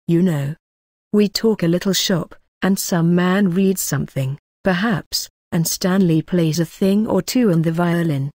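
A woman's voice: lowish voice, dark tone, no room sound, clean studio sound. A woman reading the part of a persuasive middle-aged male artist who talks in a chummy, coaxing way.

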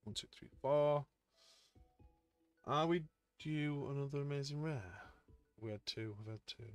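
A man live-streaming as he opens trading card packs, chatting excitedly with his viewers. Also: a little high, a little slow, long pauses, clean tone, faint music behind. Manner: excitable, chatty, talks to chat. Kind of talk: casual live-stream chat.

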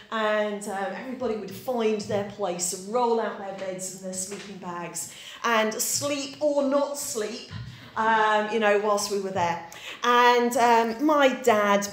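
A woman's voice: medium pitch, slight background noise. Chatty woman pastor in an echoey church. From Yorkshire, England. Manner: chatty, anecdotal, asks the congregation questions. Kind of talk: sermon.

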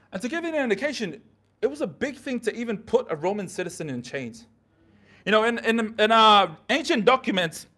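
A man's voice: sits high, fairly bright tone. A man preaching a midweek sermon in a church, talking casually with slang and asides.

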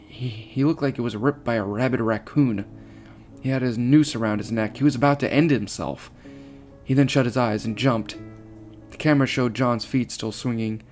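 A man reading a horror story aloud, steady, with small slips and restarts. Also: medium pitch. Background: faint guitar music.

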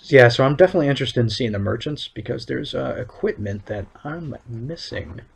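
Gravelly man thinking aloud over a game. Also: medium pitch, expressive, fairly quick. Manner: hesitant, many fillers, thinking aloud. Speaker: let's play gamer. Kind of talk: casual game commentary.

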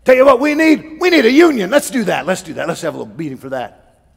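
Ranting hothead coworker guy , as a preacher acts him out, talking fast, lots of big church echo. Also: mid-range voice, animated, gravelly, breathy edge, heavily acted. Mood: griping. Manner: fast, griping rant. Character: grumbling hothead male coworker, complaining. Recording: long church reverb.

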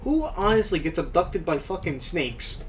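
A man giving let's-play commentary on a horror game, with loud, swearing reactions to scares. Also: high-pitched, very animated, normal speed, distant mic, a little hiss or hum. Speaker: gaming YouTuber.

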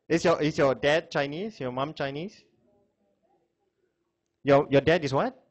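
A man's voice: on the high side, unhurried, pauses often. A man giving a classroom lecture, chatting with students, asking questions and laughing often.

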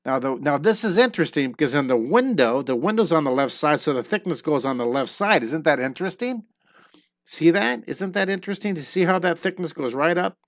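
A man's voice: fairly high pitch, lively intonation, a little fast, dry recording, clean studio sound. A man teaching a live online drawing lesson, chatting playfully and telling silly stories as he draws. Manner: playful, storytelling while drawing.

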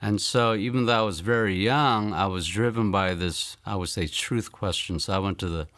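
A man in his fifties from Maryland, telling a personal testimony in earnest storytelling, often trailing off softly at phrase ends. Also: on the low side, moderate pace. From Maryland, United States. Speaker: guest giving a testimony.

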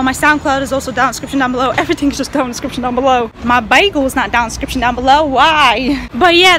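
A woman vlogging outdoors on a busy city street while filming herself, chatting casually and playfully with loud exclamations. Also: sits high. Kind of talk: casual vlog. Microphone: handheld camera filming herself. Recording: loud street traffic noise. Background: traffic and honking.

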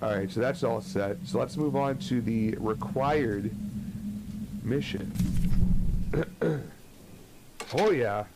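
A man's voice: mid-range voice, slow, pauses often, very noisy. A young man streaming a horror game, chatting casually and swearing, greeting viewers as he plays. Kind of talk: live gameplay commentary.

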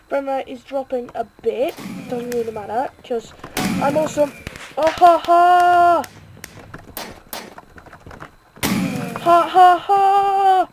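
Excitable woman commenting on gameplay. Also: fairly high pitch, noisy background. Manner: excitable, self-mocking, swears and cheers in bursts. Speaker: gaming video creator.

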